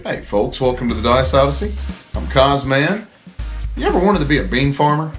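A man's voice: mid-range voice, moderate pace, soft background music. A man hosting a casual board game review, joking around while he explains the rules step by step.

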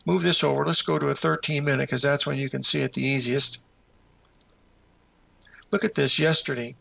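A man's voice: medium pitch, fairly even intonation, moderate pace, creaky, sharp tone. A man hosting a live market show, out of breath, rambling as he walks through trading charts and talks to himself.

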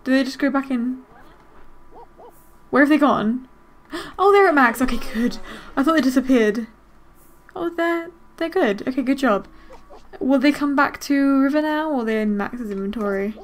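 This is a young woman with a high, bright-sitting voice narrating her game session. She chats casually, wonders aloud about what is happening on screen and breaks into excited gasps. Her delivery stays lively and unscripted. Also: normal speed, pauses often. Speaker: gaming host. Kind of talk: casual let's-play commentary.

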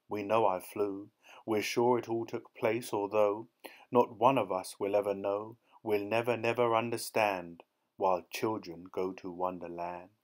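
A man narrating rhyming children's poems in a rhythmic, expressive audiobook reading. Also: lowish voice.

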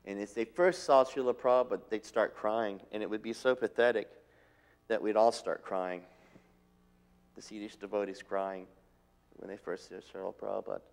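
A man recalls his teacher's words in an interview and quotes them at length. He speaks earnestly in a fairly low voice. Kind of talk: reminiscing interview.

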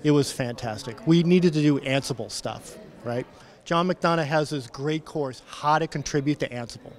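Lively storytelling male engineer. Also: a little high, moderate pace. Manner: animated anecdote-telling, acts out quoted dialogue. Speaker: principal engineer, conference guest. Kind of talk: storytelling in an event interview. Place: conference floor.

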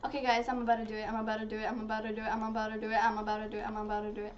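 A woman giving casual, excitable commentary while playing a video game, talking to her viewers. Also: mid-range voice, very fast. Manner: chatty and excitable, talks to viewers as "guys". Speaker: gaming channel host. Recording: slightly dull lo-fi audio with faint noise.

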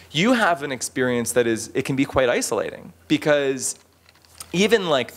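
A man giving casual, animated interview answers, full of fillers and restarts, who slips into playful voices when quoting people. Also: medium pitch. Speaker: interviewee, expat in the bar trade.

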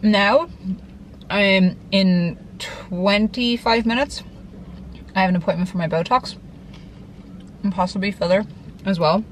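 A woman's voice: medium pitch, unhurried, pauses often, a little hiss or hum, poor audio. An Irish woman chatting casually to camera from her car, rambling and self-deprecating. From Ireland. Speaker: vlogger. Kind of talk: casual vlog chat. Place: in a parked car.

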